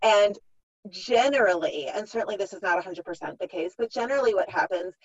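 A woman's voice: medium pitch, lively intonation, a little fast, breathy edge, no echo. Middle-aged woman guest, practical and explanatory, dull lo-fi dry audio. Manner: explanatory, practical, acts out parents' thoughts. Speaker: author and clinician guest. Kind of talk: podcast interview.

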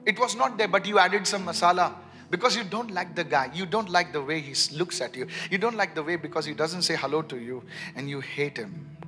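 A man preaching a sermon as pastor, leading the congregation in call-and-response and swinging from hushed lines to shouts. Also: on the high side, brisk, music in the background. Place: church.

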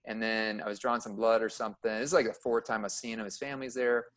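A fired-up male nurse telling stories. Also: quick pace. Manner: animated storyteller, filler-heavy, gets loud and high when agitated. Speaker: emergency room nurse. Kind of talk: casual podcast chat.

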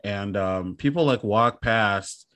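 A podcast co-host speaks slowly in a fairly low, fairly bright male voice. His casual, comedic chat drifts along as he tells a funny story at his own expense.

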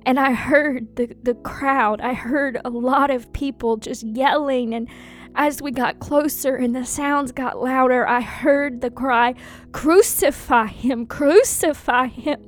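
High-voiced woman, slow anguished monologue. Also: steady tone. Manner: slow, anguished and intense, with many pauses and repetitions. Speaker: dramatic monologue performer. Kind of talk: first-person dramatic monologue.

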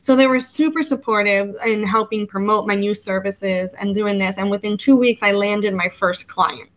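A woman in her thirties from the United States, a guest on an interview show, talking in a casual, animated way and often acting out her own past words. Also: mid-range voice, moderate pace, low-quality recording. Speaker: podcast guest, legal educator.

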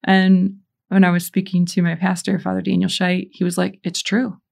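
A woman's voice: lowish voice, monotone, moderate pace, creaky, a little mellow. A middle-aged woman hosting a Catholic podcast, talking in an earnest, encouraging, conversational way, mixing stories with teaching and prayer.

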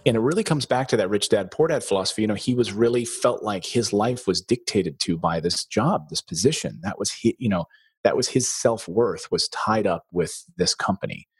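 A man's voice: fairly low pitch, brisk, slightly rough, dry recording. A middle-aged man from the Philadelphia area, a former TV news anchor, animatedly telling his career story as an interview guest. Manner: animated storyteller, acts out quoted voices. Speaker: guest, former TV news anchor turned real estate investor.

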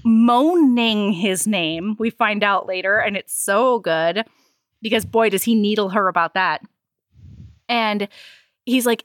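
A woman co-hosting a casual chat, recapping a story with quick acted-out lines and some swearing. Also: medium pitch, no room sound, studio quality. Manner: animated, swearing, acts out lines in quick voices. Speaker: podcast co-host.

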